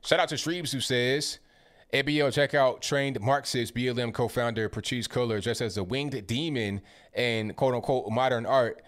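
A man's voice: medium pitch, steady tone, moderate pace, a bit bright. A man hosting a casual commentary livestream. He reads viewer comments aloud one by one and responds with blunt rhetorical questions and conversational slang. His delivery is informal and often stumbles into repeated words.

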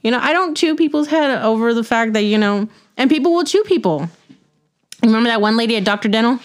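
A woman's voice: fairly high pitch, expressive, quick pace, clear, resonant tone. A middle-aged woman hosting a casual podcast chat, ranting bluntly and laughing often. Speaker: podcast host.

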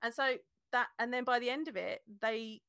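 A woman's voice: on the high side, fairly even intonation, normal speed, fairly bright tone, clean tone, no room sound, studio quality. A woman who teaches beer tasting, a guest in a casual interview, explaining with energy and laughing often.

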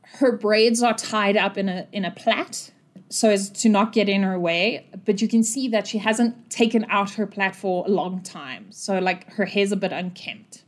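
A woman's voice: medium pitch, unhurried. Woman gm narrating a tabletop scene, chatty and rambly. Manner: conversational, rambling with fillers. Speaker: game master.

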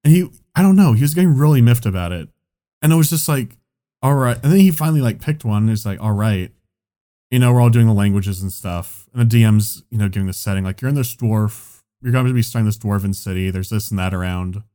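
A man's voice: fairly low pitch, fast, warm tone. A man telling a long casual anecdote, rambling with lots of "like" and swearing. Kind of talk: casual chat.

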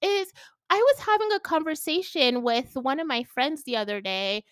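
A woman's voice: high voice, expressive, normal speed, a bit bright, no room sound. A woman hosting a casual solo podcast from home, talking in a bubbly, effusive, giggly way and filling her speech with "like" and "you guys.". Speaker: podcast host. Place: at home indoors.

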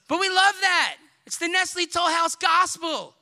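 A man preaching a sermon. He is animated, acts out quoted voices and builds to shouts. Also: very high voice, normal speed, creaky, few pauses.

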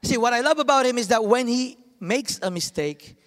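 Animated male pastor in a big hall. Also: extremely high pitch, moderate pace. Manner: animated storytelling, acts out quotes. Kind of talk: sermon. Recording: long hall reverb.

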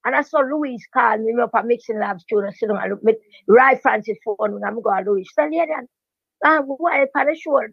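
An older woman with a strong Jamaican accent tells her story in quick bursts of patois and keeps hammering the same point home. Her voice sits high, and the recording sounds dry and a little dull. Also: vocal fry, husky, no room sound. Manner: animated patois storytelling, emphatic repetition. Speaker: veteran dancehall DJ, guest. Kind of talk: storytelling interview.

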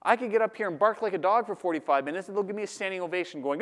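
A man giving a lively talk to a live audience, acting out the voices of the people he describes. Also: sits high, very fast, slight background noise. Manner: animated, acts out audience voices. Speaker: public speaker. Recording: long hall reverb.

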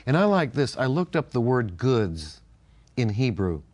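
A man co-hosts a Christian talk program, speaking in a relaxed, chatty way. His pitch moves around a lot as he tells stories, and he laughs often. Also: a little slow. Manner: animated storytelling, laughs often. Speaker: co-host of a Christian broadcast. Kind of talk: casual chat about scripture.

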